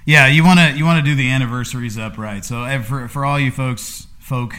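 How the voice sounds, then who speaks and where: A man's voice: mid-range voice, steady tone, fairly quick. A man in his thirties hosting a podcast, talking casually with lots of fillers and restarts. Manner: rambling, filler-heavy, warm congratulating. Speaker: podcast host. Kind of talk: casual chat.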